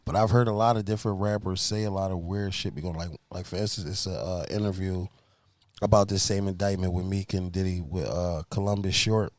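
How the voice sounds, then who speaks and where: A man's voice: low voice, a little fast. A man co-hosting a casual podcast, retelling a story with lots of fillers. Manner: storytelling, animated when retelling. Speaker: podcast co-host. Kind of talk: casual chat.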